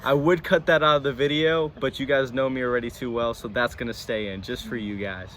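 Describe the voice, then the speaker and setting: Guy rambling about scripture outside, mid pitch, faint cars going by. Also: fairly even intonation, brisk, fairly bright tone. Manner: rambling, self-deprecating, restarts often. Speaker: church channel co-host. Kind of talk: casual Bible discussion. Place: outdoors near a road. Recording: faint traffic noise outdoors.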